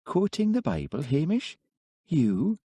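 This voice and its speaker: A man reading a calm, soft-spoken young Highland woman astrologer, with a soft lilting Highland accent. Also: unhurried, dry recording. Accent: Scottish Highland. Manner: calm, quietly knowing.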